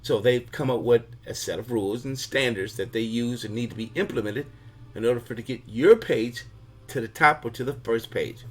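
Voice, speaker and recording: A man's voice: medium pitch, normal speed. Male host giving a casual comic explainer, chatty and fond of analogies. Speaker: video host.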